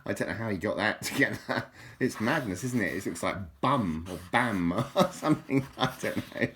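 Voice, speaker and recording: A man's voice: fairly low pitch, expressive, moderate pace, a bit bright, a little hiss or hum. A man chatting casually about a book at home, rambling and hesitant, with many fillers and chuckles. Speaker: vlogger reviewing a book. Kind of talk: casual chat.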